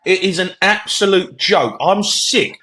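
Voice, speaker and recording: A man co-hosting a football show, ranting loudly and in exasperation. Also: sits high, lively intonation, measured pace. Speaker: podcast co-host. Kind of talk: heated football debate.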